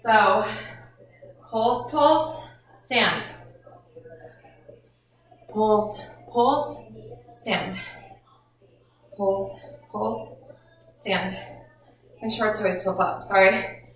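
A woman's voice: mid-range voice, very slow, long pauses, very echoey, far from the mic, rough recording. A woman fitness instructor coaching a workout, out of breath and encouraging between exercises.

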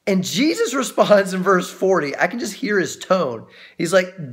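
Man, pastor, casual Bible teaching, fairly high voice, conversational, frequent restarts, lively quoted voices. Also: moderate pace.

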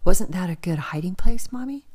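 A woman voicing a small, mischievous bear cub in a high, squeaky voice. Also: expressive, moderate pace, darkish tone, breathy edge. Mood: gleeful.

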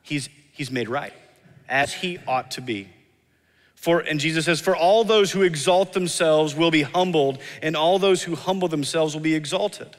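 Guy preaching in a church, kinda high voice, earnest, repeats his points, big echo tail. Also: moderate pace. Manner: earnest, acts out quoted voices, emphatic repetition. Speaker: pastor. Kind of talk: sermon. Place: church sanctuary. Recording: long hall reverb.

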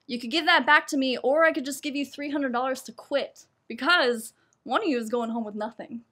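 A woman quoting a brash, upbeat male game show host in a loud announcer style. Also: high-pitched, a little fast. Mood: teasing.

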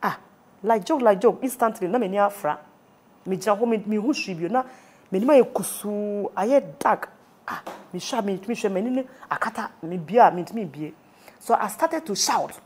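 A woman's voice: medium pitch, expressive, fairly quick, a little mellow, slightly rough. A woman with a Ghanaian accent recounting a painful personal story, mixing Twi and English. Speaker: interviewee. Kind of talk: emotional personal testimony.

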